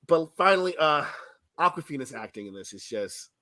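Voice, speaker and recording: A man's voice: fairly high pitch, sing-song, brisk, bright, forceful tone. A man co-hosting a podcast, giving a blunt, complaining movie review in casual chat and laughing often. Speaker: podcast co-host.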